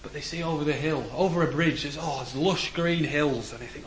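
A man preaching a sermon in a church, earnest, rising to emphatic declarations and letting phrase ends fall low. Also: brisk. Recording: echoey room with faint background noise.

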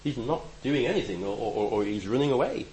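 A man preaching a conversational sermon, reflective with gentle humor and a voice that rises and drops for emphasis. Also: medium pitch, lively intonation, fairly quick, roomy sound, slight background noise, low-quality recording.

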